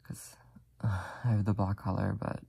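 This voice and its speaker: A soft-spoken crafting tutorial host giving casual step-by-step instructions while working, often apologetic and leaning on "like" fillers. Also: low voice, level tone, fairly quick, gravelly, husky.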